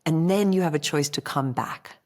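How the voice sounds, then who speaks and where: A woman guest on a podcast, chatting casually, telling stories in a lively way, acting out quoted voices and saying "like" often. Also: sits low, normal speed. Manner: animated storyteller who acts out quoted voices, heavy use of "like".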